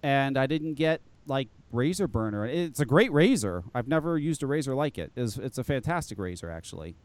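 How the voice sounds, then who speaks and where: A man's voice: mid-range voice, lively intonation, a little fast, dry recording. A man hosting a live online show, chatting casually, laughing often and swearing freely. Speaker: podcast host.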